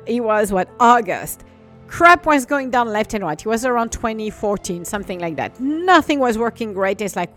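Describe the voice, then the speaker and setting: A woman's voice: fairly high pitch, expressive, brisk, a bit bright, soft background music. A woman telling a story in a casual, exasperated rant. She uses mild curses and keeps saying "blah, blah, blah.".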